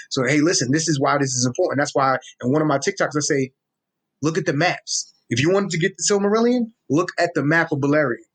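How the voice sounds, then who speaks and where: In a somewhat raised, slightly high voice, a young New Yorker who explains Tolkien on social media speaks fast in a casual interview. Energetic and street-flavored, he repeats words and restarts sentences, sounding relaxed and eager to teach.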